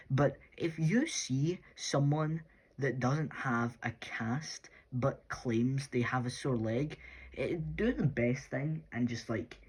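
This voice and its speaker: A man's voice: medium pitch, breathy edge. A Scottish man talking casually to his viewers in a rambling, chatty way, full of fillers. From Scotland. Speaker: YouTuber. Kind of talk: casual vlog talk.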